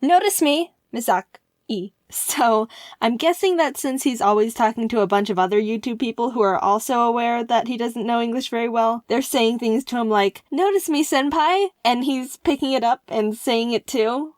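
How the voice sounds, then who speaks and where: A woman's fairly high voice carries a comic storytime, playful and quick to get excited as she slips into little impressions. The recording is close and dry, with no room sound around her. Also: no room sound. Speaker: animation channel host. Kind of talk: comedic storytime narration.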